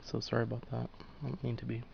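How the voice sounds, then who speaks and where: Gravelly young man rambling, lo-fi. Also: mid-range voice, completely flat delivery, racing, a little hiss or hum. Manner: loose and profane, laughs often, many fillers. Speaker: vlogger drawing on camera. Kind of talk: rambling casual monologue. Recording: dull lo-fi home recording.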